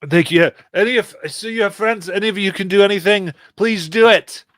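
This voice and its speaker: A man's voice: medium pitch, lively intonation, takes it slowly, no room sound, pitched above the performer's own voice. A man voicing a harried female tiefling healer in a tabletop game, giving breathless, relieved thanks. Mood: urgent.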